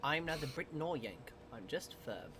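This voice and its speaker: A guest chimes into a casual chat with short, dry jokes. The voice comes through a noisy line with a steady low rumble. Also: moderate pace.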